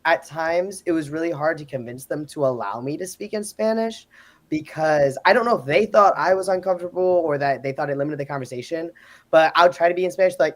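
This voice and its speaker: A man's voice: on the high side, quick pace. A man on a live panel talking casually, telling stories and acting out what people said. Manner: animated storytelling, acts out quotes. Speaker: exchange student guest.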